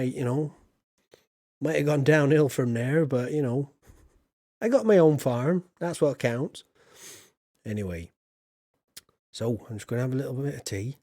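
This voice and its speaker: A man chats casually while he plays a farming game, rambling and joking in a homely farmer persona. His voice is mellow and warm, at a middle pitch. The sound is close and dry. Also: no room sound. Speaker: game streamer. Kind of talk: casual let's-play chat.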